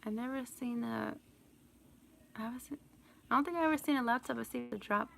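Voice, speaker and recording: A woman's voice: a little high, fast talker, gravelly, fairly bright tone, a little hiss or hum. A woman vlogger chatting casually on a live stream and answering viewer questions, rambling and laughing often. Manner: rambling, laughs often, lots of "like" and "you know".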